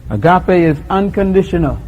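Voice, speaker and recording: Guy preaching, jokey and animated, keeps saying you know, see, kinda high voice. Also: normal speed, narrow, tinny audio, slight background noise. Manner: animated, humorous, acts out little scenes. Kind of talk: sermon.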